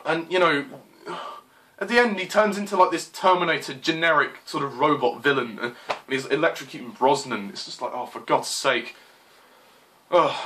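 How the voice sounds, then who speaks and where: Young man, film reviewer, exasperated rant, sharp bright tone, faint background noise. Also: mid-range voice. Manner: frustrated, exclaiming, swears, apologizes. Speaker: movie reviewer.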